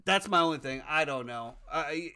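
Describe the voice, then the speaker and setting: A man's voice: a little high, normal speed, bright, forceful tone. A man hosting a casual sports talk podcast, ranting with plenty of profanity. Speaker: podcast host.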